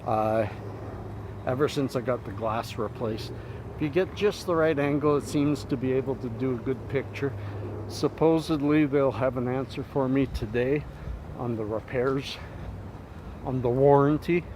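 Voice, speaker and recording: A middle-aged man talks into his phone camera while walking outside, rambling along in a loose, laid-back way and poking fun at himself. His pitch sits in an ordinary middle range. Traffic and street noise come through clearly behind him. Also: normal speed. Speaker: vlogger. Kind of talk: casual vlog monologue while walking. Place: outdoors walking toward a river.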